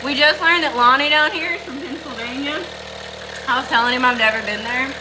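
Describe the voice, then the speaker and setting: A woman's voice: sits high, fairly even intonation, fairly quick. A middle-aged woman with a Southern US accent, chatting folksily on a livestream and greeting viewers by name while milking goats. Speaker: livestream host. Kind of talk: casual livestream chat. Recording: noisy with machine hum. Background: milking machine running.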